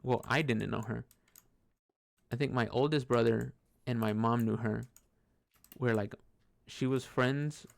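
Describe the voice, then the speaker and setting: A man with vocal fry speaks unhurriedly at a medium pitch with fairly even intonation. Over a computer game, he recounts a personal story in a rambling, casual, profane way, with many fillers and restarts.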